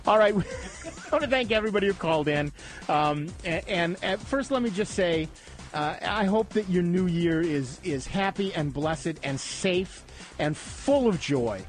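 A man's voice: sits high, lively intonation, moderate pace, faint music behind. A man hosting a radio show, chatting casually and telling rambling, self-mocking stories with frequent laughter. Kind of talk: casual on-air chat. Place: radio studio.

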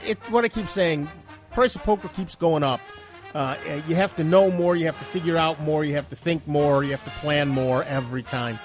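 A man's voice: a little high, normal speed, faint music behind. A man hosting a radio tech show, stuffed up from a cold, chatting and reading news with wry asides. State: stuffed up nose.

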